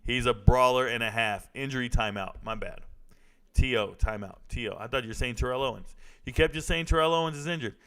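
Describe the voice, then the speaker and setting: A man's voice: medium pitch, a little fast, a bit bright, clean tone. A young man hosting a casual live stream, joking and trash-talking as he reads viewer comments. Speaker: livestream host reacting to fights.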